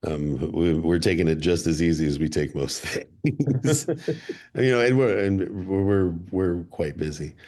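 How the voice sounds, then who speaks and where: Deep-voiced man telling rambling stories. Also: measured pace, mellow. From Chicago area. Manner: rambling anecdotes with many restarts. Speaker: band member guest. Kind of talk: casual interview storytelling. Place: radio studio.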